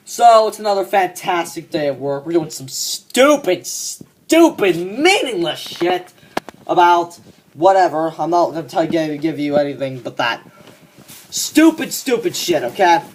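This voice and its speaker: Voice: mid-range voice, big pitch swings, measured pace, a little hiss or hum. A fan performer voicing a cocky young man who rants smugly and swears a lot about a coworker, in a comedic monologue. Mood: ranting. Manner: ranting, profane and smug.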